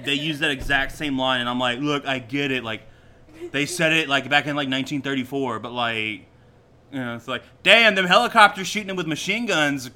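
Man, laughs a lot, rambly and casual, very bright voice, pitched a bit high. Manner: giggly, rambling with many "like" fillers. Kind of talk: casual chat trading movie quotes.

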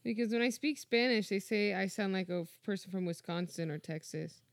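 A woman's voice: medium pitch, fairly quick, no echo. Dry, teasing woman podcast guest. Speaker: guest, host's wife. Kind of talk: casual comedic podcast banter.

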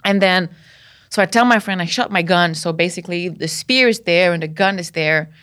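A woman from Canada, a podcast guest, telling a story in a lively way, laughing often and acting out what people said. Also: lowish voice, moderate pace. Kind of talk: casual storytelling.

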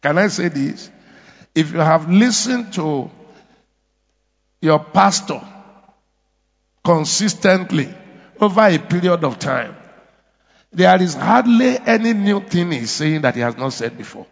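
A man's voice: on the high side, lively intonation, a little slow, creaky, long pauses, in a large hall, highs cut off. A man with a Nigerian accent preaching a sermon, emphatic and repetitive, calling out to the congregation. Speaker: pastor. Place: church.

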